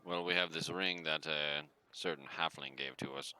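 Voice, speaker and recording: A soft-spoken man playing in a tabletop game. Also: very deep voice, steady tone, normal speed, smooth, poor audio. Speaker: player.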